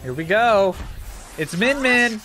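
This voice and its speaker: A man hosting a reaction video to game trailers, talking in an excitable, animated way with quick exclamations. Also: high voice. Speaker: host. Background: faint trailer music.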